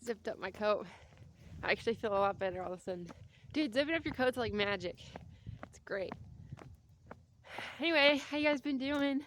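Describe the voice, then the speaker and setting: A woman's voice: a little high, expressive, moderate pace, pauses often, a bit bright, slight background noise. A young adult woman vlogging outdoors on a cold winter walk, talking in a rambling, chatty way with jokey asides. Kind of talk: casual walking vlog.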